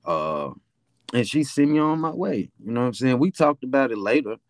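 A man's voice: medium pitch, lively intonation, moderate pace, no echo, clean studio sound. A young man with a Memphis accent, casually telling a profane, rambling story as a podcast host. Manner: laid-back, profane, rambling with fillers.

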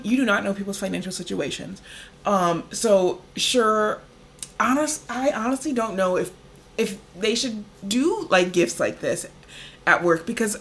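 A woman's voice: medium pitch, slight background noise. A woman co-hosting a podcast in casual chat, talking loosely with lots of fillers and easy laughs. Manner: chatty, many "like" fillers, laughs easily. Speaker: podcast co-host.

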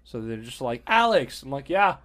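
A man's voice: medium pitch, normal speed. A young man, co-hosting a podcast in casual chat and acting out other people's lines as he tells stories. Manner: animated storytelling, acts out other people's lines. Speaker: podcast co-host.

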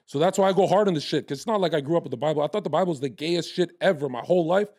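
A young man in his twenties from Canada, telling stories in a brash, profane, animated way as a guest in a casual podcast chat. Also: a little high, very fast, no room sound, clean studio sound.

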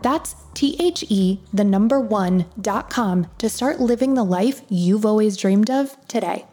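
A woman reading a scripted podcast outro in a smooth, upbeat, promotional way. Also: mid-range voice, lively intonation, measured pace, mellow, faint music behind. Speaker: podcast announcer.

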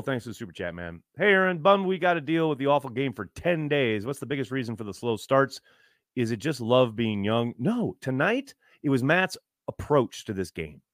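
A man's voice: medium pitch, no echo, clean studio sound. A man hosting a fan podcast, exasperated and swearing freely as he rants and reads viewer messages. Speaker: podcast host. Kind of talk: live fan podcast rant.

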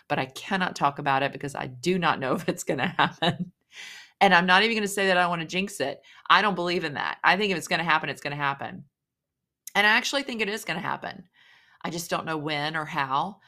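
Low-voiced, effusive woman podcast host. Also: fairly quick. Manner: effusive and upbeat, gushing; warm, chatty direct address to listeners. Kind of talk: casual solo podcast monologue.

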